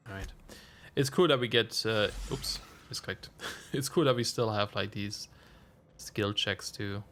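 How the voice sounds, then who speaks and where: A man's voice: on the low side, measured pace, fairly bright tone, slight background noise. A man streaming a video game, giving casual commentary and thinking aloud with frequent chuckles. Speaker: let's play streamer.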